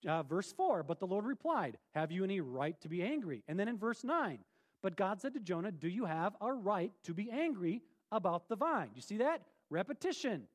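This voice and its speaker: Lively, playful preacher man. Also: high voice, moderate pace. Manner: conversational, playful, asks the congregation questions. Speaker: pastor. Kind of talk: sermon.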